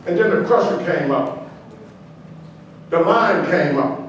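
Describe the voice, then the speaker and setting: A man with a fairly high voice gives a motivational speech, spinning humorous stories in a rolling cadence that builds and repeats. He is heard from a distance in a very echoey hall, with a faint hiss underneath. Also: a little slow. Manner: animated, preacher-like repetition and building cadence. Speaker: motivational speaker. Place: large hall at a podium.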